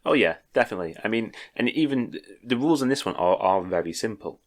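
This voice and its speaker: A man's voice: lowish voice, lively intonation, fast. A man co-hosting a podcast, casually giving his opinions on films and explaining them at length. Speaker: podcast co-host. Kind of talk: casual film discussion.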